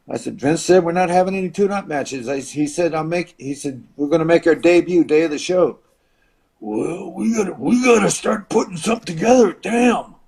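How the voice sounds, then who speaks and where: Older man telling a lively story. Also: fairly high pitch. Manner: acts out voices of others in his stories, dramatic shifts in loudness. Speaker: podcast guest, retired wrestler. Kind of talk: animated storytelling.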